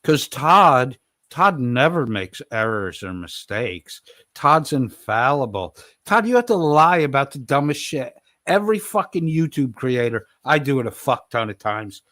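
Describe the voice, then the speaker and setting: A man's voice: medium pitch, big pitch swings, measured pace, a bit bright, no echo. Guy mocking someone in a clip, sarcastic, dry no-room sound. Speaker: commentary streamer. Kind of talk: reaction commentary.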